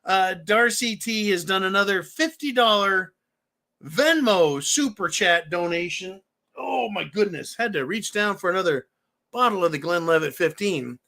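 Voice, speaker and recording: A rowdy, cursing man in his fifties hosts a live stream with a sharp, forceful edge to his voice. He rambles through jokes and old stories. His pitch sits a touch above most men's. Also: animated, moderate pace. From California. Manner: boisterous, profane and joking, reading donations aloud. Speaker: livestream host. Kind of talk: casual live-stream chat.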